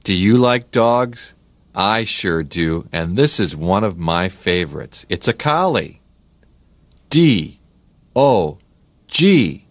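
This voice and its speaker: A man's voice: low voice, big pitch swings, slow pace, no room sound. A middle-aged man reading a children's read-along book, spelling words letter by letter and making playful animal sounds.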